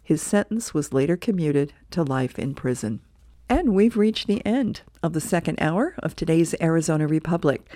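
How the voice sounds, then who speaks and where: A woman volunteer reader reading the newspaper aloud for a radio reading service, relaxed and plain, with small self-corrections. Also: deep voice, normal speed, dry recording, studio quality.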